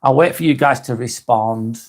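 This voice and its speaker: Gravelly, soft-spoken man. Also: mid-range voice. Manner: soft, unhurried, apologetic, with frequent ums and restarts. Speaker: live stream host. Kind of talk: casual live stream chat, reading comments.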